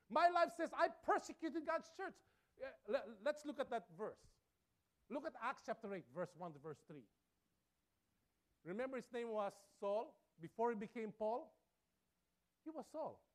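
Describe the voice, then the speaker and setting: A man with a very high voice delivers a sermon to his congregation. He talks emphatically, swelling louder and dropping soft, and he repeats phrases for weight. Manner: emphatic, rising and falling in volume, with repeated phrases. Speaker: preacher.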